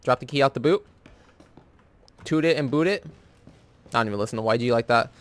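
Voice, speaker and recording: A young man hosting a horror-game let's play in casual, profane commentary, jumpy and yelling when scared. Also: medium pitch, a little fast. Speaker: gamer, let's-play host.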